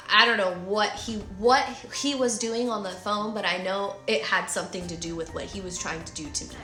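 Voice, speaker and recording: Young woman, vlog storytime, bright tone, echoey room with faint music, animated retelling. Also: medium pitch. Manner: animated, acts out her own shouts and quotes. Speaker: vlogger.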